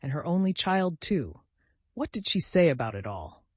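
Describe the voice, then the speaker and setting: A man's voice: fairly high pitch, big pitch swings, normal speed, no room sound, voice pushed up. A man reading the part of a grave older male painter, earnest and pleading, in a dry recording. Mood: worried.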